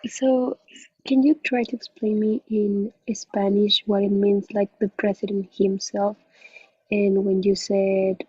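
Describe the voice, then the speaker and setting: A woman's voice: medium pitch, level tone, takes it slowly, mellow, husky, no room sound, lo-fi sound. A woman student asking her teacher a question in an online class, hesitant and searching for words.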